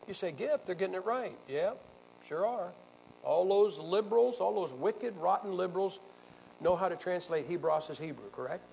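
A man's voice: high voice, lively intonation, normal speed, creaky, a little mellow, slight background noise, rough recording. A male pastor teaching a Bible class, quizzing the audience and jabbing sarcastically at rival views.

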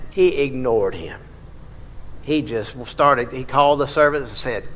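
A man's voice: medium pitch, measured pace, fairly bright tone. A male pastor preaching a sermon in a church, shifting from casual talk to dramatic emphasis. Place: church sanctuary. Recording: long reverb in a large hall.

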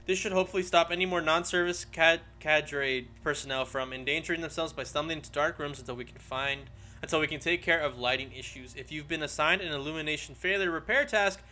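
A man's voice: a little high, pushed and bright. A man playing a horror game and commenting as he goes, joking and yelping when startled, and reading in-game notes aloud at a desk microphone. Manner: jokey, jumpy, yelps when startled. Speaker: let's play gamer. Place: home room.

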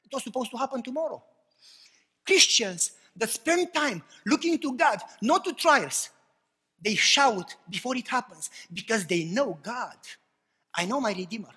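A man preaching a passionate sermon, swinging between loud cries and hushed, low remarks. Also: lively intonation, a little slow, breathy edge, long reverb tail. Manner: impassioned preaching, swings from shouts to hushed tones.

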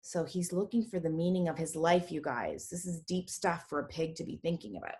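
Teaching reading online by video call, a young woman speaks briskly in a low-pitched, darkish voice. The tutor's casual manner is chatty, positive and encouraging.

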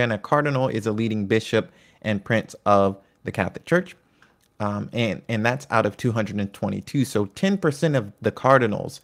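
A man with a somewhat low, gravelly voice talks through a history lesson in a relaxed, conversational way. He breaks off into asides and personal stories as he explains. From United States. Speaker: Catholic history presenter. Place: home in Virginia.

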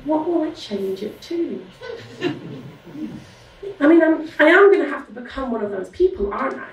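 Sarcastic woman doing stand-up, high and lively. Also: normal speed. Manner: sarcastic, exasperated storytelling. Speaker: university staff doing stand-up. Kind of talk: stand-up comedy. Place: live comedy venue stage. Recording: echoey room, distant mic, audience noise. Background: audience laughter.

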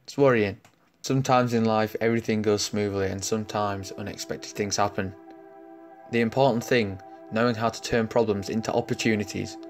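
A man's voice: fairly low pitch, steady tone, moderate pace, faint music behind. A young man giving sarcastic, mock-outraged comedy commentary, swearing often.

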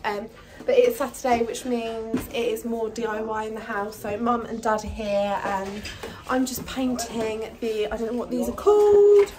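A woman's voice: fairly high pitch, normal speed. A young woman casually vlogging her home renovation, chatty and full of "um" and "like". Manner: chatty, lots of "um" and "like". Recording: noisy home video.

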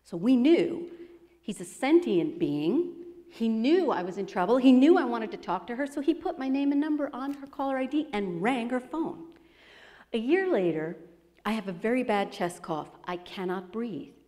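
A woman giving a storytelling talk to an audience, animated and acting out the voices of the people she quotes. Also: a little high, moderate pace. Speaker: speaker presenting her book. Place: expo presentation hall. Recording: long hall reverb.

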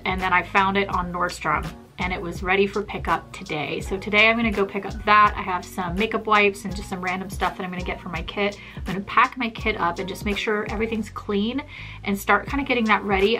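A young adult woman, a makeup artist, chatting casually and fast in her vlog. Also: mid-range voice, pushed and bright, faint music behind. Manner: chatty, bubbly, fast-talking.

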